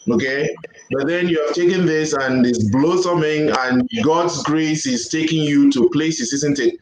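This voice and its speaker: A man hosts an interview show, promoting his guest in an encouraging, announcer-like way. His voice is pitched fairly high for a man. The room sounds echoey. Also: normal speed, darkish tone. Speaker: show host. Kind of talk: interview hosting.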